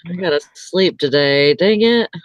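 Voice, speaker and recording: A woman's voice: sits low, expressive, moderate pace, dry recording, dull audio. A woman hosting a casual livestream, chatting in a rambling, easygoing way with plenty of fillers. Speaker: livestream host. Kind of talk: casual chat.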